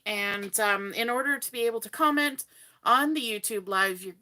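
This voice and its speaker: A woman's voice: mid-range voice, sharp tone. A woman from Canada hosting a live card-making tutorial from home, chatty and greeting viewers by name as she works. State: hiccups. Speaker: crafting livestream host.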